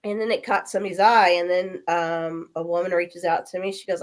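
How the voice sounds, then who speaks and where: A woman in her forties, coming down with a cold, telling animated stories in a casual chat and acting out the voices of people in them. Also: lowish voice, brisk, hardly any pauses. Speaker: guest. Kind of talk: casual storytelling.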